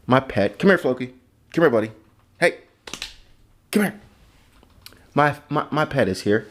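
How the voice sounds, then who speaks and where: A man hosting his own comedy podcast, talking in a rambling, profane, joking monologue. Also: medium pitch. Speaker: podcast host.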